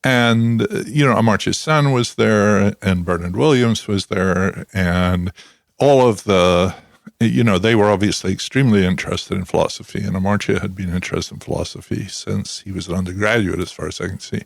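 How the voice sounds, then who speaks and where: A man's voice: on the low side, moderate pace, gravelly, no echo. An older man with a Scottish accent, answering interview questions as a guest economist, thoughtful and reminiscing. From Scotland.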